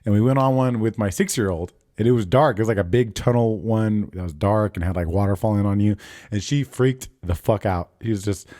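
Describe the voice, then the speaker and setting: Profane, laughing podcast host. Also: male voice, lowish voice, brisk, mellow. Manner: loose and profane, laughs often, storytelling. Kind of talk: casual chat.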